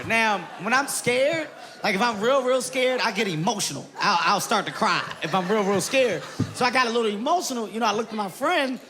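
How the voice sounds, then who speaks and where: A man telling a stand-up comedy story, animated and loud, often laughing as he talks, recorded at a live show. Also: high voice. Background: loud audience laughter and noise.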